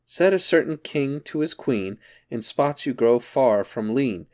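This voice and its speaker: A man's voice: medium pitch, expressive, a little slow, darkish tone, voice pushed up, natural voice. A man reading aloud, voicing a witty, irreverent young woman with dry, teasing remarks.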